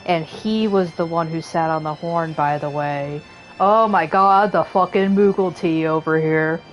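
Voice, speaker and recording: A woman's voice: low voice, fairly even intonation, a little slow, soft background music. Jokey woman reading game lines aloud. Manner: jokey, laughs often, puts on voices. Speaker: game streamer. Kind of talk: reading game dialogue aloud with casual commentary.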